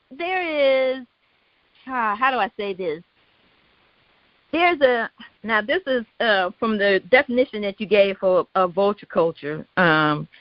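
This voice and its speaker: A woman in a casual group discussion, pausing and restarting as she tells a story with quoted speech. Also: medium pitch, no echo, lo-fi sound. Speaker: discussion participant.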